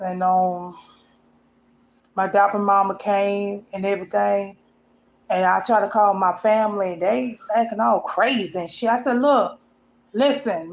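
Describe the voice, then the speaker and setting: A woman telling a painful personal story to her vlog audience in a rambling, emotional, colloquial way. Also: mid-range voice. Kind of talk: casual storytelling.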